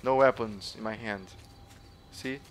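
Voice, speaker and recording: A Brazilian man commentating gameplay for his viewers, excitable and jokey, swearing often and switching into Brazilian-accented English. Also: fairly low pitch, a little slow, slight background noise. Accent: Brazilian Portuguese. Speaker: gaming YouTuber.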